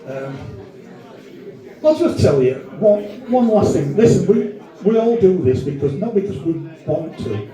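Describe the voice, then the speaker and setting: A man's voice: sits high, very animated, unhurried, warm tone. A man doing a crude, rambling, self-mocking stand-up set in a comedy club. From Wolverhampton. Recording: echoey room, far from mic.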